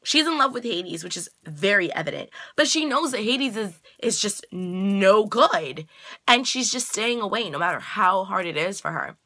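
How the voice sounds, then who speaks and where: A woman's voice: mid-range voice, lively intonation, normal speed, bright, forceful tone. A woman vlogger recapping a TV episode in a chatty, casual way with slangy asides.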